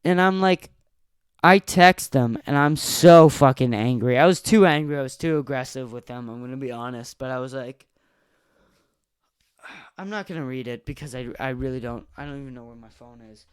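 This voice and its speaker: Young man ranting with profanity, smooth voice. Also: medium pitch, normal speed, no room sound, clean studio sound. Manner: profane, angry storytelling. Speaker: podcast host. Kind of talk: solo podcast rant.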